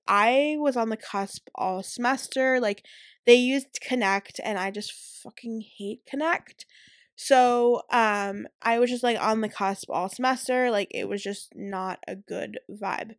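A woman's voice: mid-range voice, no room sound, clean studio sound. A woman in her twenties telling a casual story as a college student vlogger, chatty and full of fillers. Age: 20s.

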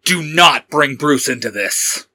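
A man's voice: medium pitch, a little slow, bright, forceful tone, no room sound. A man voicing a stern young male vigilante who gives clipped, firm commands in a fan audio story.

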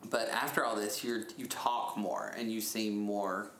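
Guy in his 30s telling a story, laughs a lot, echoey room w/ a little hiss. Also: a little slow. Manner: animated, laughs often, jumps into high pitch when retelling. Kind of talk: casual storytelling chat. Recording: echoey room with faint noise.

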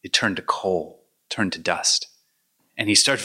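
Deep-voiced man telling a teaching story. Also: a little slow, pushed and bright, breathy edge. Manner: storytelling, reflective, with restarts. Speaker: meditation teacher. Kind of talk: dharma talk.

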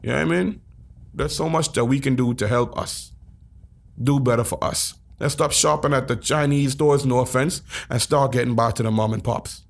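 A man's voice: medium pitch, normal speed, vocal fry. A man co-hosting a podcast in casual chat, talking emphatically and animatedly. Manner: animated, emphatic, laughs a lot. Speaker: podcast co-host.

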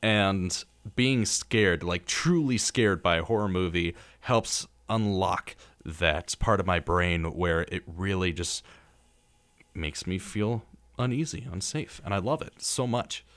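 Young man, radio host, low voice, dry studio sound, rambling storyteller. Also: takes it slowly, dry recording. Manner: relaxed storyteller, acting out scenes with many ums. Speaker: radio talk show host. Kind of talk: casual chat about horror movies.

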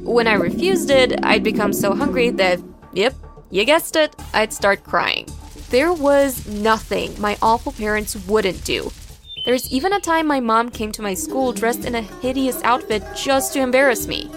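A woman narrating a first-person story in an expressive, dramatic way. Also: fairly high pitch, unhurried. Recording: background music.

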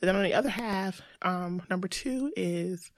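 A woman's voice: fairly low pitch, unhurried, dry recording, clean studio sound. A woman guest from the United States, talking in a casual interview in an earnest, reflective way.

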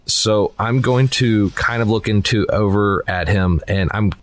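A man with a very low voice plays a tabletop game. He thinks his moves through aloud in a relaxed, unhurried way, full of filler words. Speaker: player.

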